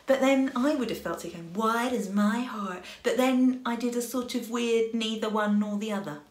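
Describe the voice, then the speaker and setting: An English woman talking casually to camera, chatty and rambling, with a self-mocking sense of humor and quick asides. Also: fairly high pitch, darkish tone. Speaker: singer and vlogger. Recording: roomy echo.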